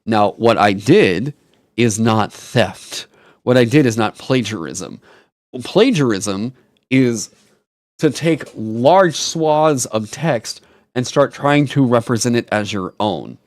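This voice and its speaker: Animated rambling male streamer host. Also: mid-range voice, takes it slowly, dry recording, clean studio sound. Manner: animated, rambling, swears casually. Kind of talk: casual live-stream chat. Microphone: headset.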